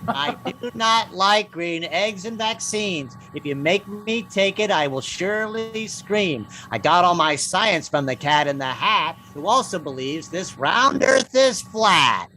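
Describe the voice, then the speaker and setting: A man's voice: high voice, animated, measured pace, hardly any pauses, pushed and bright, faint music behind, full character voice. A man reciting a childish rhyme as an anti-vaccine nurse in a stand-up bit. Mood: sing-song. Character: sing-song rhyming anti-vax nurse, childish.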